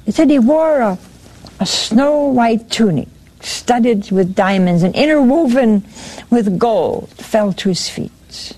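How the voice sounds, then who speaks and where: A woman's voice: a little high, lively intonation, takes it slowly, warm tone. A woman giving a sermon, retelling a story and quoting its speakers, with frequent restarts.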